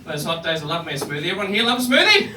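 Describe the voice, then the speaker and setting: Australian man doing lively stand-up. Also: on the high side, racing, background noise. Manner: crude, punchy, laughing into lines. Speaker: stand-up comedian. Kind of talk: live stand-up comedy set. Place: comedy club stage. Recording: roomy club, distant mic, crowd ambience.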